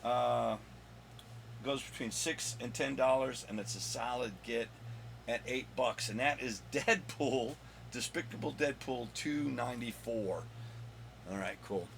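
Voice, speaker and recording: A man hosting his own video countdown of comic finds, rambling and joking with his son off camera, with a slightly hoarse voice. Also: mid-range voice, unhurried, a bit bright, a little hiss or hum. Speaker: comic collector and channel host.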